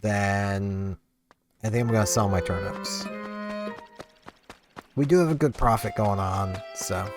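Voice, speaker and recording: A man's voice: lowish voice, measured pace, long pauses, over music. A sleepy man rambling chattily through casual gameplay commentary. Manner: rambling, chatty, easily amused. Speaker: gaming channel host.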